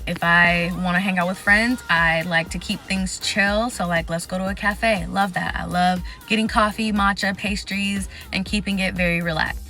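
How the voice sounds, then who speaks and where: Young woman vlogger, crisp forceful tone, candid chatty delivery, soft music under the voice. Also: lowish voice. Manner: candid and chatty, lists things off quickly. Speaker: vlogger sharing exam advice. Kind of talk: casual talking-to-camera vlog.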